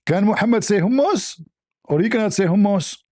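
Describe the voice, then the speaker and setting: A livestream host in a high-pitched, animated, dark-toned voice argues insistently with a caller at a moderate pace, mocking the other side's points and laughing at his own. This argumentative call-in debate has clean studio sound with no echo.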